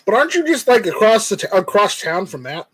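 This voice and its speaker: A man's voice: high voice, very animated, a little fast, fairly bright tone, husky, dry recording, low-quality recording. A man hosting a casual livestream, reading viewer comments aloud and rambling with jokes. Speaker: livestream host reading chat.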